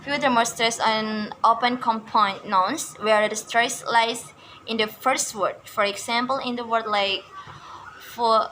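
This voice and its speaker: A woman who learned as a works slowly through lists of words for a pronunciation lesson. She often stops to restart words, in a bright, crisp voice. A faint noise hangs behind her. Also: a little high, steady tone, low-quality recording. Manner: halting, many restarts and fillers.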